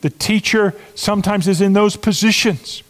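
A middle-aged man gives a sermon in a fairly high voice. He speaks earnestly, almost conversationally, and leans hard on key words as he turns to the congregation. His voice trails off in the long reverb of a large hall. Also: normal speed. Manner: earnest, conversational preaching with emphatic stresses and asides to the congregation. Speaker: pastor.

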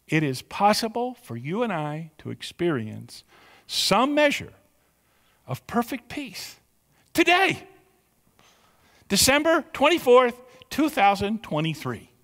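A pastor preaching a sermon with emphatic, drawn-out stressed words in a church sanctuary. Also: male voice, high voice, sing-song, fairly bright tone, long reverb tail.

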